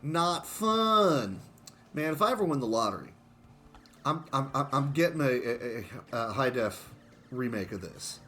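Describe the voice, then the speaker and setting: A man's voice: medium pitch, expressive, a little slow, pushed and bright, a little hiss or hum. A man giving casual, self-mocking commentary on his own speedrun of a shooter game, chuckling often.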